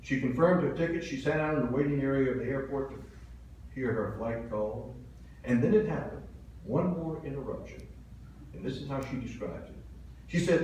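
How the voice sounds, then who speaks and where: A man's voice: medium pitch, moderate pace, darkish tone, dull audio. An American pastor in his seventies delivers a sermon, telling stories with earnest swells and drops in volume. His voice sits in an ordinary middle register. He sounds far from the mic, carried through a very reverberant hall with a faint hiss. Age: 70s. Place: church sanctuary.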